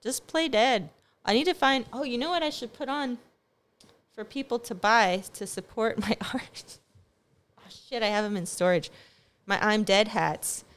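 A woman's voice: on the high side, a little slow, fairly bright tone, clean tone. A young woman talks in a loose, rambling monologue. She is sarcastic, swears freely and laughs often as she goes. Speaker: vlogger.

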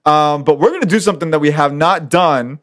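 A man's voice: a little high, brisk, a bit bright. A man hosting a casual movie chat with friends, laughing often and teasing playfully. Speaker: podcast host.

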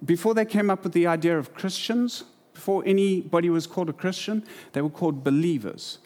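A middle-aged man, preaching a sermon and telling stories in a lively way, his voice often jumping higher and faster. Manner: animated storyteller, jumps in pitch and speed. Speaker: pastor. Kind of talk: sermon with storytelling.

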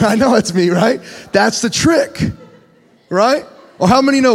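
A male pastor preaching a sermon, animated and joking as he tells stories and reads scripture aloud. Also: sits high, moderate pace. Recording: long reverb in a large hall.

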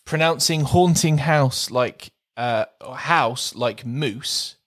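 A man co-hosting a podcast, chatting casually and laughing often as he slowly plays with the sounds of words. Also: mid-range voice, a bit bright, no room sound. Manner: playful, laughs often, reads out word jokes slowly. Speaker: podcast co-host. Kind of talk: casual chat.

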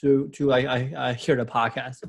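A man's voice: mid-range voice, flat delivery, normal speed. Rambling man. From China. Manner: rambling, restarts often, nonstandard English grammar. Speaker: podcast co-host. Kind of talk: casual chat.

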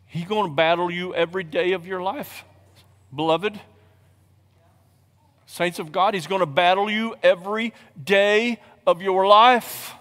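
Male pastor, sermon, slightly high voice, hushed-to-shouting delivery, long hall reverb. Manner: impassioned preaching that swings from hushed to shouting.

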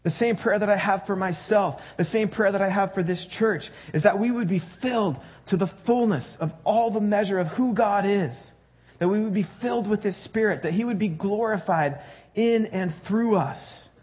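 A man's voice: high voice, normal speed, a little mellow, husky. A man preaching a sermon to his church congregation, in a conversational, joking way that puts questions to the crowd. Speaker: pastor.

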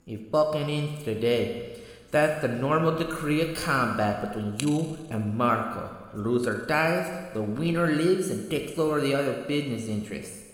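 A man's voice: medium pitch, normal speed, close to an everyday voice. A man with a Cuban accent playing a ruthless male cartel boss who talks in a blunt, taunting way. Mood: menacing. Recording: echoey hall reverb.

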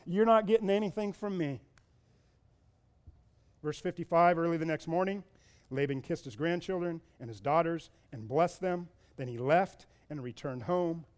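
A man preaching a sermon, retelling a scripture story with lively asides and acting out the people's voices. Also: a little high. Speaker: pastor.

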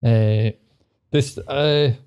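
Man, podcast host, warm mellow tone, rambling casual chat. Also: medium pitch, extremely slow, smooth, muffled recording. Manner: loose, rambling, laughs easily.

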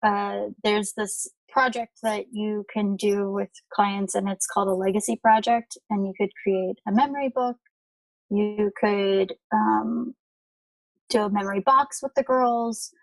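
A woman explains suggestions in a helpful way, pausing on fillers. She is heard from some distance in a dry room. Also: medium pitch, steady tone, no room sound. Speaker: group participant, end-of-life doula trainee. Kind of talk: casual support-group sharing.

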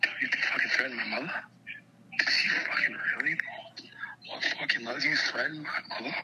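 A man's voice: medium pitch, fairly quick, pushed and bright, a little hiss or hum, poor audio. A man on a call, telling a heated story in a rambling, profane, agitated way. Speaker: caller telling his story. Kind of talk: heated phone chat.

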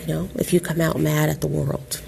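A young adult woman hosting a podcast, reading out an article and commenting on it in an animated, profane, sarcastic way. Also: deep voice, fairly quick, vocal fry, music in the background. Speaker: podcast host.

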